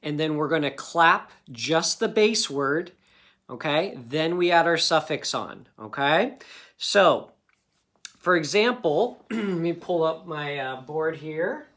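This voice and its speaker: A man's voice: on the high side, expressive, slow, fairly bright tone. A man teaching a phonics lesson, patient and encouraging, checking in often with "okay?".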